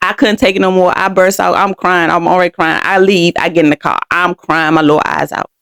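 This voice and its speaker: Young woman with telling her story on a podcast, kinda gravelly, dry close sound. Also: lowish voice, steady tone, brisk, a bit bright, no room sound. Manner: candid, emotional, addresses listeners directly. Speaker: podcast host. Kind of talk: personal storytelling.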